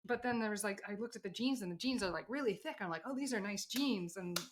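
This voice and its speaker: A woman's voice: medium pitch, quick pace, very noisy. An American woman chatting casually on a livestream while she works on a sewing project, reading out and answering viewer comments. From United States. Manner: chatty, rambling, reads chat aloud. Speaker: livestream crafter.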